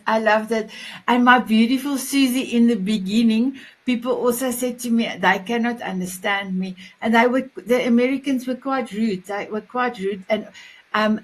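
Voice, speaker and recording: A woman's voice: a little high, low-quality recording. Effusive South African woman host. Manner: effusive, repeats phrases of praise. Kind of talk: casual interview chat.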